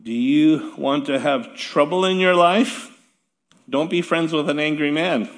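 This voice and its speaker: A man's voice: on the high side, measured pace. A middle-aged male pastor preaching a sermon in a chatty, self-deprecating way with light laughs. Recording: long hall reverb.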